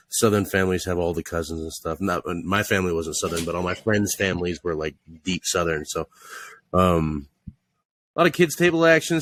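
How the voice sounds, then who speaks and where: A man co-hosting a podcast in casual chat, rambling with lots of fillers and deadpan jokes. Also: lowish voice. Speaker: podcast co-host.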